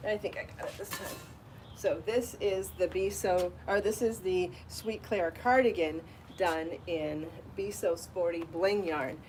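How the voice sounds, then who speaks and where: A woman hosting a live crafting show, chatty and enthusiastic, out of breath from rushing around and trying on garments. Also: fairly low pitch, a little mellow, a little hiss or hum. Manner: chatty and enthusiastic, laughs at herself. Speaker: podcast host showing her yarn designs. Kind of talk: casual live show chat.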